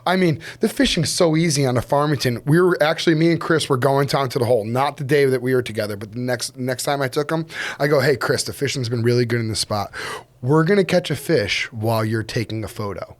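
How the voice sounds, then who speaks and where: An animated man from the United States, chatting on a podcast about fishing trips. He tells long stories with a laugh in his voice, and he slips into quick voices for the people in them. His pitch sits in the middle for a man. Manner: storytelling, laughing, acts out other voices. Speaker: podcast guest, fishing guide. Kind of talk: casual chat.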